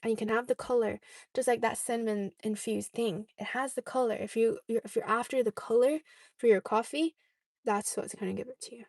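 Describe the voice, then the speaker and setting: A woman's voice: a little high, steady tone, a little fast, a little mellow, no echo, clean studio sound. A young woman vlogger chatting casually, answering viewer questions and often checking in with "okay?". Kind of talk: casual chat.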